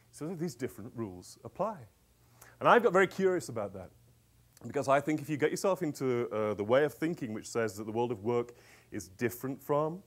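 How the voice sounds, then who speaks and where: A man, an author and executive coach, telling stories in a lively, conversational talk to a live audience and checking in with them along the way. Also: mid-range voice.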